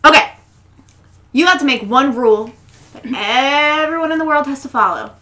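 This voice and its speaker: A young woman co-hosting a podcast, excitable and blunt, who swears casually in conversation. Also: high-pitched, normal speed. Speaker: podcast co-host. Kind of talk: casual chat.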